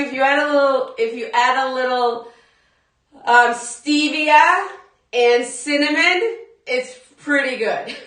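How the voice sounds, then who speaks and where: A woman's voice: fairly high pitch, bright, forceful tone. Chatty woman fitness instructor, echoey room. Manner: chatty, laughs often, talks straight to viewers. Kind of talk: live workout class chat. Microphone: phone at a distance. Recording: echoey room, phone mic far off.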